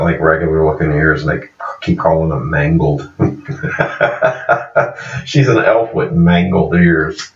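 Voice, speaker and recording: A man with a very low voice casually recaps TV episodes, rambling and restarting his sentences and laughing along the way. He sounds distant from the mic in an echoey room, and the recording is dull and muffled. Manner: rambling, with frequent fillers and restarts, laughing often. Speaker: TV series reviewer.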